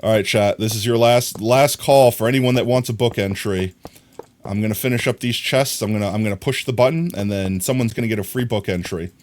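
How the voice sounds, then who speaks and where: Building blocks on stream, a man with a brisk, lowish, darkish-toned voice chats easily with his audience, welcoming viewers and answering messages while humming "bam bam." Slight background noise is audible.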